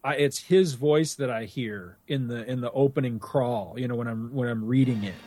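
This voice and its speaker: A man's voice: mid-range voice, moderate pace, a little mellow, faint music behind. A man co-hosting a casual podcast, rambling, laughing often and swearing casually into a studio microphone. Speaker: podcast co-host. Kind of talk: casual chat.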